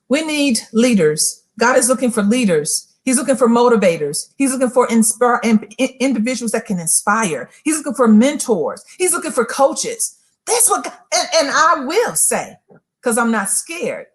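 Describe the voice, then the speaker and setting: A woman giving a preaching-style motivational talk, emphatic and repeating phrases as she addresses listeners directly. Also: fairly high pitch. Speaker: motivational speaker.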